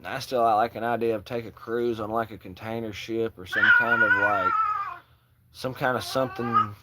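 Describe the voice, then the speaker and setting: A man hosting a casual livestream, joking loosely and swearing as he shouts out viewers by name and reads out their comments. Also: medium pitch, wildly swooping pitch, normal speed, noisy background. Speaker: livestream host.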